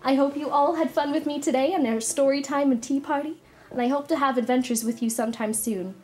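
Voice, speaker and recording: A woman's voice: high voice, steady tone, a little fast, dark tone, soft background music, lightly acted. A young woman playing a kind storybook princess, telling a story and teaching children in a sweet, cheerful, teacherly way. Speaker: party character performer.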